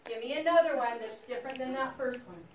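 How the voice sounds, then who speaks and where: A woman teacher lecturing her class in an animated, chatty way, speaking straight to the students. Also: sits high, fast talker, slight background noise. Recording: echoey classroom, mic far off.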